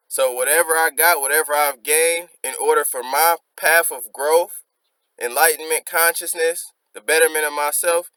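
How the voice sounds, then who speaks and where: Bright-voiced man breaking down lyrics. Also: fairly high pitch, steady tone, dry recording, rough recording. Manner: reflective, explains lines slowly with casual slang. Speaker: music reaction host. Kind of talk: casual breakdown of song lyrics.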